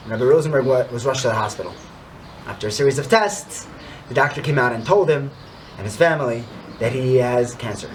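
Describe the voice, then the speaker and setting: A man telling an inspirational story and drawing a religious lesson, swinging from hushed to emphatic. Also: fairly high pitch, a little hiss or hum. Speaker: storyteller and teacher.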